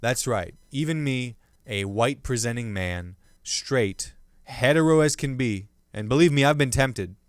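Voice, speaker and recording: A male comedian hosting his own podcast, riffing loosely on the news with self-mocking jokes and sudden loud bursts between hushed asides. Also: mid-range voice, lively intonation, unhurried, smooth, dry recording, clean studio sound. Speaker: podcast host and stand-up comedian.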